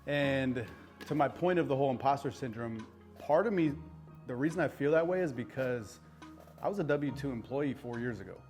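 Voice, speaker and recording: A man's voice: mid-range voice, animated, normal speed, darkish tone, soft background music. Earnest man telling a raw story. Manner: emotional, earnest, uses many fillers like "like". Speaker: podcast guest. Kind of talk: candid personal storytelling. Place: podcast studio with live audience.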